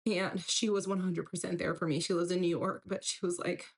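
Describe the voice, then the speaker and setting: Low-voiced woman telling a personal story. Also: fairly even intonation, normal speed. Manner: candid, breaks into tearful emotion at hard moments. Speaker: storyteller recounting a breakup.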